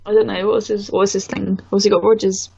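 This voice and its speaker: A woman's voice: mid-range voice, little pitch movement, fast, creaky, mellow, lo-fi sound. A woman co-hosting a podcast film commentary, teasing and asking questions. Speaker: podcast co-host. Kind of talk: casual film commentary chat.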